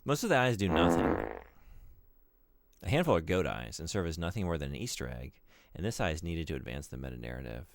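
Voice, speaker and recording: A young man hosts his live stream in a low, gravelly voice, joking with his viewers and teasing them. His pitch swings widely from line to line. He talks into a desk mic. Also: big pitch swings, fairly quick, no echo, studio quality. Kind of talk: casual live-stream chat.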